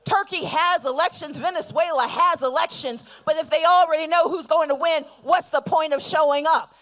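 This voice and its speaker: A woman speaking at a rally, leading call-and-response chants that build to shouts. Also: high-pitched, moderate pace. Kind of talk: fiery political rally speech.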